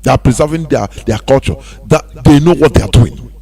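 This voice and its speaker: A man's voice: mid-range voice, expressive, brisk, dark tone. A man with a Nigerian accent hosting a radio show, delivering a preachy monologue full of rhetorical questions that slides into sing-song emphasis. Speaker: radio host. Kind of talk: impassioned monologue. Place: radio studio.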